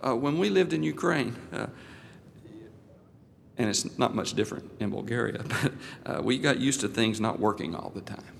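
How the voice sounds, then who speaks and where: A man's voice: medium pitch, expressive, moderate pace, creaky, in a large hall, a little hiss or hum. A male pastor and missionary telling a folksy, anecdotal story in a sermon, with frequent restarts.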